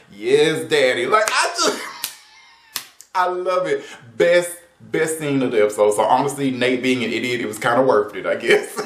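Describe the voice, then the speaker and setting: A man's voice: medium pitch, fairly bright tone. A man casually reviewing a TV episode, sarcastic and exasperated. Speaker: TV show reviewer. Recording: roomy echo.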